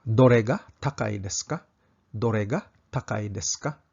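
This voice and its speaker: A man teaching a recorded language lesson, speaking slowly and carefully and repeating each example sentence twice for practice. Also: on the low side, creaky, a little mellow, slightly rough, dull audio.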